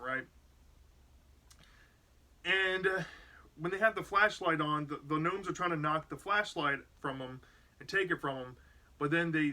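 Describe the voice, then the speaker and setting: Casual guy telling an episode plot, bright tone, loose and talky. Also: on the high side. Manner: chatty, relaxed retelling with fillers and laughs. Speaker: episode reviewer. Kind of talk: casual spoken episode recap.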